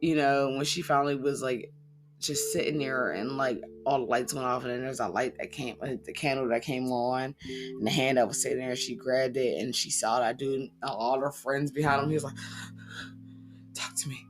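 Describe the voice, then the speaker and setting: A woman's voice: a bass voice, steady tone, normal speed, over music. A woman co-hosting a casual horror movie podcast, rambling and acting out scenes as she talks. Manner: rambling, laughs easily, mimics characters. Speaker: podcast co-host. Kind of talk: casual movie review chat.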